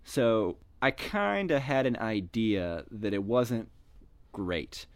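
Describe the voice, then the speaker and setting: A lower-voiced man on a casual movie podcast, building his argument step by step. The recording is dry and close, with no room sound around him. He speaks with firm conviction. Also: sing-song, slow, no echo. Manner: argumentative, makes his case point by point. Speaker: podcast co-host. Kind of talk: casual film discussion.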